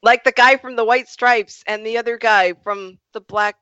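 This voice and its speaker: A woman's voice: fairly high pitch, steady tone, normal speed, fairly bright tone, smooth, no room sound, lo-fi sound. A woman from Rhode Island co-hosting a casual podcast chat, often apologizing and stumbling over restarts. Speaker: podcast co-host.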